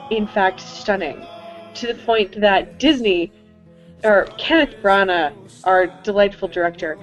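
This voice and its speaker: A woman co-hosting a chatty podcast, playful and quick to mock herself. Her pitch swings widely as she talks. The recording is a little muffled, with faint music underneath. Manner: playful, self-mocking, animated. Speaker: podcast co-host. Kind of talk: casual chat.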